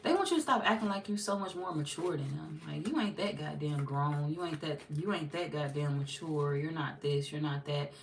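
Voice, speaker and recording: A woman's voice: sits low, normal speed, few pauses, a little hiss or hum. A woman giving a casual, chatty tarot reading to her viewers, laughing often and slipping into playful quoted voices. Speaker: tarot reader.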